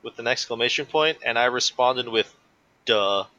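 A man co-hosting a relaxed podcast conversation, with a bright, forward tone at a middle pitch. He lays out analytical, opinionated arguments and scatters "like" through his sentences. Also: a little fast, no room sound, lo-fi sound. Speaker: podcast co-host. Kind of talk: casual chat about a card game.

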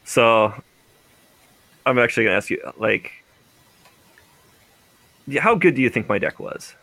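A man's voice: mid-range voice, animated, measured pace, gravelly, bright, forceful tone, no echo. A young man co-hosting a casual podcast, rambling and laughing often, restarting his sentences. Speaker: podcast co-host. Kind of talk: casual chat.

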